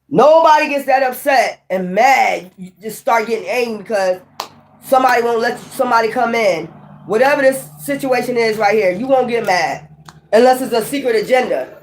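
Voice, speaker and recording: A tarot reader giving a casual spiritual reading in a blunt, profane, emphatic way. The voice sits at an ordinary middle pitch. The reader talks straight to the viewers like a preacher. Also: a little hiss or hum. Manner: preachy, addresses viewers directly.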